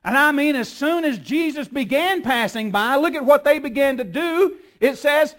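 An older male pastor preaching a sermon in an emphatic, repetitive cadence that builds into shouts. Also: extremely high pitch, a little fast, few pauses.

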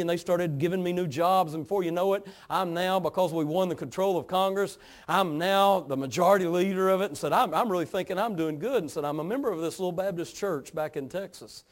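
Folksy East Tennessee preacher man. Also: high-pitched. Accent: East Tennessee Appalachian. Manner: folksy, drawling, builds from quiet storytelling to loud fervent preaching. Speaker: pastor. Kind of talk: sermon.

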